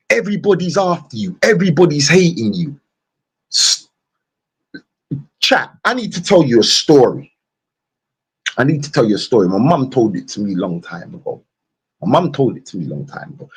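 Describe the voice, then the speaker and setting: London guy going off on a stream, husky voice, swings way up and down, keeps repeating himself to mock someone. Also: on the high side. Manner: mocking, repetitive, animated. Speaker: live streamer. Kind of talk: casual live-stream rant.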